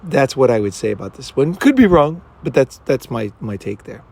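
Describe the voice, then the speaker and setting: A man in the middle of the male pitch range, speaking as a dating coach in loose, casual commentary. He wanders from point to point, swears without hesitation, and keeps checking in with "right?". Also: very animated, normal speed, creaky, a little mellow. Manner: rambling, keeps asking "right?"; blunt, swears freely.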